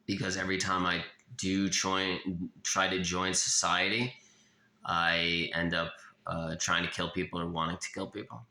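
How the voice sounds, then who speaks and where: A man giving a blunt, profane confessional monologue as an author, halting and restarting often. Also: deep voice, flat delivery, sharp tone, roomy sound. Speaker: author of a self-help memoir.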